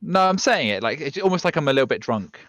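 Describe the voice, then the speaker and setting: A man playing a tabletop game, rambling excitedly as he explains his character's moves. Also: on the high side, fast talker, dry recording, clean studio sound. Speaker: player. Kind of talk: casual tabletop game chat.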